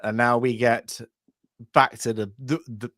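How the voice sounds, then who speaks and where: A man co-hosting a film review podcast in casual chat, rambling and trailing off, then breaking into loud shouted impressions. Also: medium pitch, level tone, measured pace, no room sound, clean studio sound. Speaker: podcast co-host.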